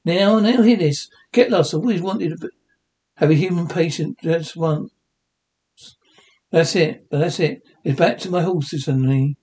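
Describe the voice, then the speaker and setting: A man's voice: a little high, measured pace, a little mellow, close to an everyday voice. A man voicing a fussy old horse vet. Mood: pompous. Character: doddering old horse veterinarian posing as doctor.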